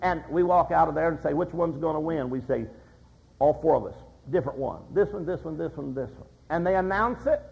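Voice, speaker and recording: An older man preaches in a folksy, story-telling way, his voice pitched high with a gravelly edge. The recording is dull and lo-fi. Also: expressive, a little fast, a little mellow. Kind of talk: sermon.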